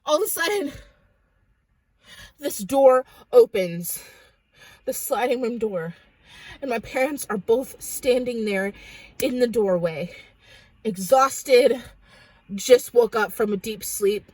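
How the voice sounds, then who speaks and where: A woman tells a personal story with urgent intensity. Her voice sits high and sometimes cracks with tears. The sound is close and dry, with no room around it. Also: lively intonation, slow, pauses often, darkish tone, husky, no echo, rough recording. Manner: fervent and urgent, voice breaking into tears. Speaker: Christian video host.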